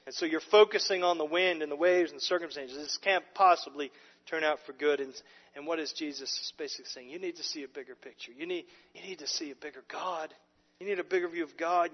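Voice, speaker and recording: Male pastor, fairly high voice, emphatic sermon delivery with restarts; muffled sound, long reverb. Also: fairly even intonation, fairly quick. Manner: emphatic preaching with frequent repeated words and restarts.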